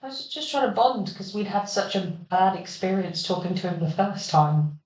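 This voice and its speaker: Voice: medium pitch, animated, normal speed, a little mellow. A speaker in a casual podcast chat who talks chattily and laughs often. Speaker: podcast co-host and game player. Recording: roomy, distant mic.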